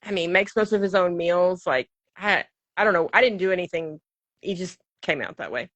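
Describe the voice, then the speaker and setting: A woman in her thirties hosting a podcast in a casual chat, quick and chatty and laughing often. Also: lowish voice, fairly bright tone, no room sound. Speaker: podcast host.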